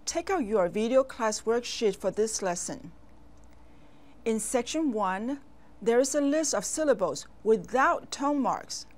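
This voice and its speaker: A woman teaching as a language instructor, speaking in a slow, deliberate instructional manner with clear, careful enunciation and long pauses. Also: on the high side, lively intonation. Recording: voice over soft background music.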